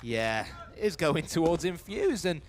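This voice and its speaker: A man giving live esports play-by-play commentary, building to shouts on big plays. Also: fairly high pitch, big pitch swings, a little slow, noisy background.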